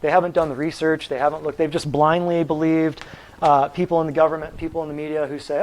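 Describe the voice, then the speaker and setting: A man's voice: on the high side, quick pace, a little mellow, poor audio. Emphatic man quizzing his audience. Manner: blunt and combative. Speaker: natural health practitioner giving a talk. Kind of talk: lecture to a live audience.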